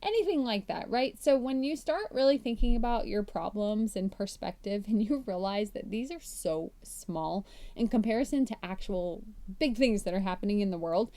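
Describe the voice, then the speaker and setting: Chatty woman podcast host, mellow voice. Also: mid-range voice, animated, normal speed. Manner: chatty and self-mocking, laughs often. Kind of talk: casual faith-based podcast talk.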